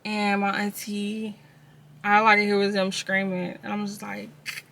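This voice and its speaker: A woman's voice: medium pitch, completely flat delivery, a little slow, vocal fry, fairly bright tone, a little hiss or hum. A woman vlogger speaking candidly and casually, telling viewers about her own life in a personal confessional video. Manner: candid, casual storytelling, addresses viewers directly.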